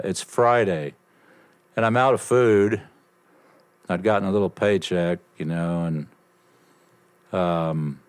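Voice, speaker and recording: Older man with a very deep voice. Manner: lively anecdote-telling, swears freely. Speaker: podcast guest. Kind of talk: casual storytelling.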